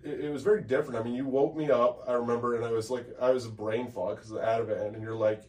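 A young man talks in a slow, halting way, often restarting as he reflects. His voice sits at an ordinary pitch. He sounds a little off the mic, in an echoey room. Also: a little mellow. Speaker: podcast co-host. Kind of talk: casual personal chat. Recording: roomy echo, from far off the mic.

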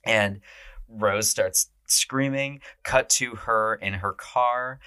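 A man's voice: on the low side, slow pace, smooth, dry recording, clean studio sound. A man casually recapping a horror film on his podcast, acting out the characters' lines. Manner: animated, acts out quotes in raised voices. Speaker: podcast host.

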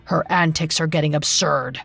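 A woman's voice: deep voice, fairly even intonation, normal speed, fairly bright tone, exaggerated voice. A woman voicing an exasperated, grumbling male king of the gods in an audio storybook. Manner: gruff, grumbling.

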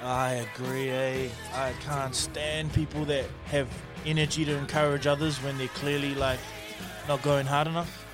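A man with a New Zealand accent co-hosting a casual show, laid-back and quick to laugh, often tagging lines with "eh". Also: medium pitch, flat delivery, over music. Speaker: podcast co-host. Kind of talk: casual banter.

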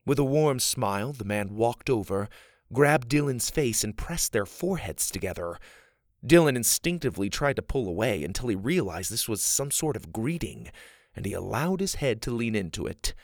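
A man narrating an audiobook in an expressive, unhurried way. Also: mid-range voice, dry recording, studio quality.

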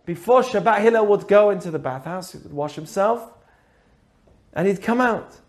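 A man hosting a podcast and telling a teaching story in an animated, conversational way, often asking the listener questions. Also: sits high, normal speed. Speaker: podcast host. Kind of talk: casual storytelling lesson.

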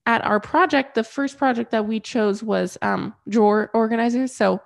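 A young woman co-hosting a podcast in casual chat, her voice stuffy from a cold, chatty and quick to laugh. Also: fairly high pitch, vocal fry. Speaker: podcast co-host.

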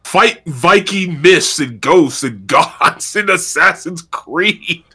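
A man's voice: fairly high pitch, expressive, slow, pushed and bright, slightly rough. A man co-hosting a podcast in casual chat, teasing and sarcastic. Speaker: podcast co-host.

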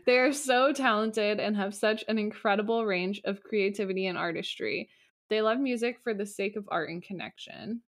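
A woman's voice: medium pitch, moderate pace. Giggly young woman podcast co-host. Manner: giggly, gushing, laughs often. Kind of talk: casual podcast chat reading listener answers.

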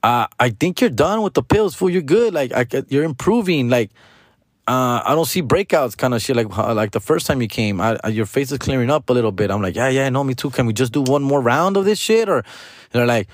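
A man in his forties with a Mexican-American accent rambles through a casual podcast story, dropping slang and curses and switching into Spanish. His voice is mid-pitched and recorded dry and close. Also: fairly quick, no room sound. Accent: Mexican-American English, code-switching to Spanish. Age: 40s. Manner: profane, slangy, animated storytelling. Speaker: podcast host.

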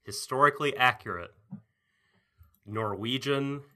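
A man co-hosting a casual podcast, reading announcements at a measured, deliberate pace. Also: medium pitch, pushed and bright. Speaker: podcast co-host.

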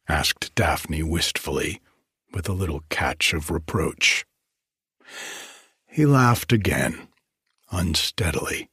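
A man narrating an audiobook in a slow, hushed, intimate, breathy voice. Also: sits low, lively intonation, dry recording, clean studio sound. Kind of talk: audiobook reading.

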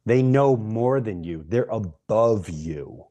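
A middle-aged man hosting a podcast, delivering an impassioned monologue and hammering single words with long pauses between them. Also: lowish voice, animated, mellow. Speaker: podcast host.

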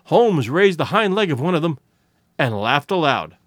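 Man narrating an old mystery, high lively voice, dry close mic. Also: moderate pace, no room sound. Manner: expressive storytelling. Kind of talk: dramatic audiobook reading.

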